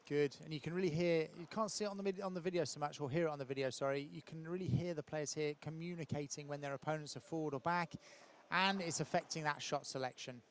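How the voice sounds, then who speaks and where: A man giving relaxed, chatty live commentary on a padel match, with frequent ums and small laughs. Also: a little high, fast, few pauses, a little hiss or hum.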